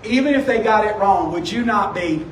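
A pastor with a strikingly high voice preaches in a loose, storytelling way. He sounds a little distant from the mic, and his voice rings in a roomy, echoing sanctuary over faint background noise. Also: expressive, normal speed. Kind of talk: sermon. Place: church sanctuary. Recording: echoey room, distant from the mic.

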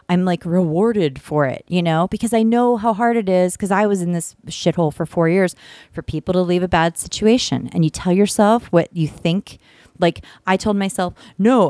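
Woman, lower voice, swears, casual podcast storytelling, dry close sound. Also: no echo. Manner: candid, swears freely, animated.

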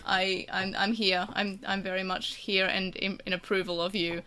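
A woman's voice: mid-range voice, level tone, moderate pace, bright, forceful tone, smooth. An Australian woman co-hosting a casual chat, rambling with lots of stammered restarts. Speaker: podcast co-host.

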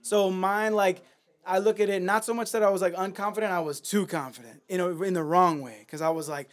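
Laid-back, cursing higher-voiced man. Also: fairly quick. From Miami. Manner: laid-back, profane, rambling with fillers. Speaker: musician guest. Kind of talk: casual podcast chat.

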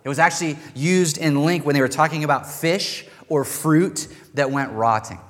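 Male pastor, animated emphatic sermon delivery, mid-pitched, long hall reverb. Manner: animated, emphatic preaching with rising bursts.

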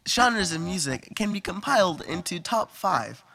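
A man puts on a flat, machine-like assistant voice that reads out facts and lists in an even drone, bright and a little high. It is the joke voice of a talking internet. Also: normal speed, gravelly, heavily acted. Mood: robotic. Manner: monotone, listing things like a voice assistant.

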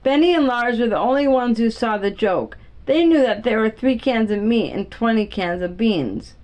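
A woman's voice: a little high, normal speed, a little mellow, low-quality recording. A woman reading a children's book aloud, steadily, with small slips and restarts. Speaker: reader.

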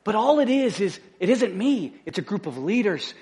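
A middle-aged man preaching a sermon as lead pastor, fervent and emphatic, repeating key phrases and swinging from loud excited bursts to quiet asides. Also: moderate pace. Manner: fervent, emphatic repetition, rising to excited outbursts then dropping low.

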